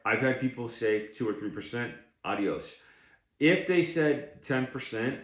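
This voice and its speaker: A man's voice: medium pitch, lively intonation, unhurried, roomy sound, lo-fi sound. A man coaching beginners in a casual, blunt and plainspoken way, often restarting his sentences. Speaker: tax overage business coach. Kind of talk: casual instructional talk to camera.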